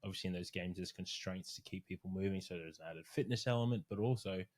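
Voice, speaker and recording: A man with a low, slightly deep voice chats loosely on a podcast. He tells stories with lively energy, tossing in a swear word here and there, and sounds like a strength coach talking shop with friends. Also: fast. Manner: animated storyteller, swears freely. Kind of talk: casual podcast chat.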